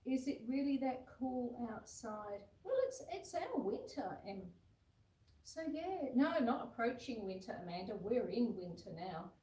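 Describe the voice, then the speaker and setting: On her homestead livestream, a woman sits indoors with a puppy on her lap, reading viewer comments aloud, chatting casually and cooing at it. Her voice is on the high side and sing-song yet dark in tone, at a measured pace. Because the phone camera is far away, the sound is roomy and distant, with slight background noise.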